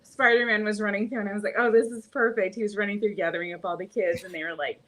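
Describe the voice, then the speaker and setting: A woman's voice: mid-range voice, steady tone, very fast, fairly bright tone. A woman with a Californian accent, chatting casually as a podcast co-host, rambling and laughing often. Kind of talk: casual chat.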